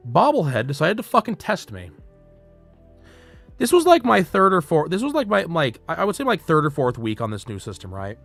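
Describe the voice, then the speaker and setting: A male streamer tells a workplace story in a casual, cursing way, with a fairly high voice that swoops up and down constantly. He jumps between loud outbursts and low asides. Faint music plays behind him. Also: fairly quick, creaky. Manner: profane, animated, swings between loud and muttered.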